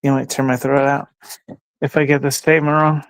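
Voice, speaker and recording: A man's voice: mid-range voice, level tone, brisk, smooth, no room sound. Guy rambling on his livestream, talks to his dog, dry close sound. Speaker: livestream host. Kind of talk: casual livestream chat.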